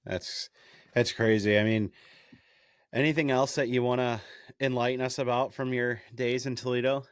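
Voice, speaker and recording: A man hosting a podcast interview, chatting casually with short, relaxed reactions. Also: mid-range voice, moderate pace, clear, resonant tone, no room sound, clean studio sound. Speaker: podcast host.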